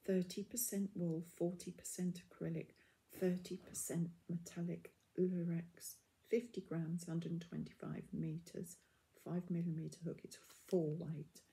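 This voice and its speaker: A middle-aged woman in a casual unboxing vlog, gushing and often dropping into soft half-whispers as she reads out labels. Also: lowish voice, a little slow. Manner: reads out yarn labels in a steady list. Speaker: craft vlogger.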